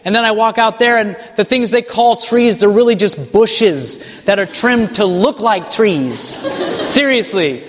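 High-voiced man telling a lively testimony. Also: measured pace, in a large hall. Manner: animated, chuckles while telling stories. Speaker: ministry leader. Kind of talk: personal testimony storytelling.

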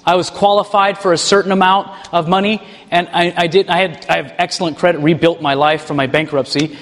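A man who leads a ministry tells a personal testimony in an animated way and chuckles as he goes. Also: on the high side, a little fast, in a large hall. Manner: animated, chuckles while telling stories. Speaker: ministry leader.

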